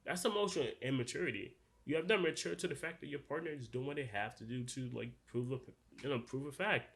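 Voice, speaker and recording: In a casual podcast discussion, a young co-host with a noticeable non-standard accent talks fast at medium pitch with a fairly bright tone. He's earnest and loose, peppering his speech with "like" and frequent restarts.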